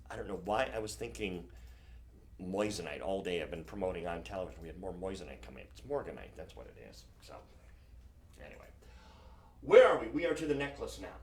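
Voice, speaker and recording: Chatty man selling jewelry on air. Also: sits low. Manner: chatty, corrects himself on the fly. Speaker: shopping channel host. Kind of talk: live-stream jewelry selling.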